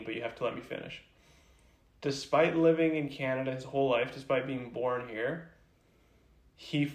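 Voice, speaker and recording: Man, podcast co-host, casual chat, playful, rambling, teasing, roomy echo. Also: mid-range voice.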